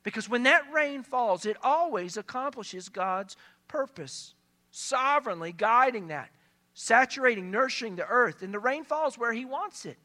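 A male pastor delivering a sermon in a high, bright, ringing voice. He preaches emphatically, moving between hushed passages and loud, stressed lines. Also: lively intonation, normal speed.

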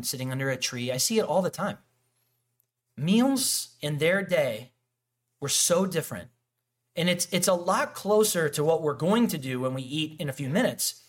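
Chatty pastor, fairly high voice. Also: male voice. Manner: animated, acts out quoted dialogue, frequent restarts and fillers. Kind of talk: casual conversational sermon.

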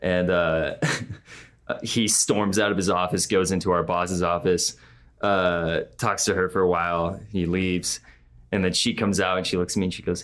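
A man's voice: sits low, level tone, normal speed, a bit bright. A young man, a podcast guest, telling a casual story with lots of "uh" and "like" and frequent laughter. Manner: rambling, laughs often, many fillers like "uh" and "like".

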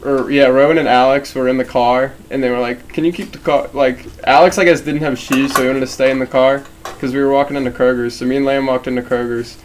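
A man's voice: mid-range voice, level tone, fast talker, noisy background. A young man hosting a casual chat, teasing his friend and laughing often.

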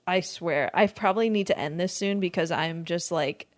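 A woman's voice: lowish voice, normal speed. A young woman in her twenties hosting a casual solo podcast, rambling and laughing often as she swears freely. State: lightheaded from not eating. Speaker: podcast host.

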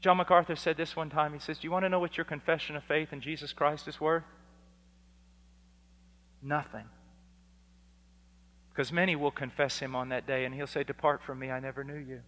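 A man preaching a sermon, slow and deliberate, swinging between loud emphasis and hushed, quiet lines. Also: fairly high pitch, little pitch movement. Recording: hall reverb.

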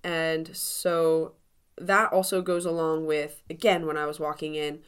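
A woman's voice: sits low, level tone, measured pace, clear, resonant tone. A young adult woman hosting a casual solo podcast as a confidence coach, chatty and encouraging, with lots of "like" fillers.

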